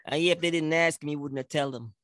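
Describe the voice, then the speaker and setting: A man co-hosting a casual faith talk, and his voice sits high for a man. He is playful, repeats phrases for emphasis and laughs easily. The sound is dry and close, with no room echo. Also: fast, fairly bright tone. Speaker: podcast co-host.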